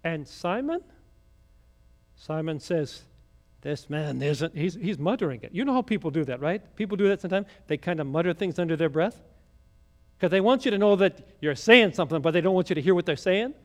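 A man's voice: high voice, lively intonation, a little fast. A man preaching a sermon, retelling a gospel story with conversational asides to the congregation. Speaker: pastor.

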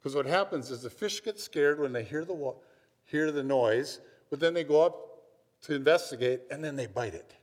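A man from Minnesota delivers a sermon in a storytelling, conversational manner, often tossing in "right?". His voice sits a little high. It rings out with a long reverb from a large hall. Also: normal speed. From Minnesota, USA. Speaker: pastor.

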